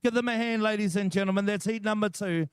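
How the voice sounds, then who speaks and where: A man's voice: high-pitched, steady tone, fast talker, clean tone, dry recording, studio quality. A man with a New Zealand accent announcing a shearing contest, joking and chatting with the crowd. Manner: jokey, chatty, banters with the crowd. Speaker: competition announcer. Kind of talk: live event commentary over a PA.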